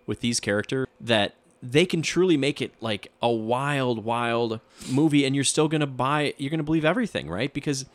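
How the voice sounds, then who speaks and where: A man's voice: mid-range voice, moderate pace, few pauses, dry recording. A man co-hosting a casual podcast about movies, enthusiastic and casually swearing. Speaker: podcast co-host. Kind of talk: casual chat.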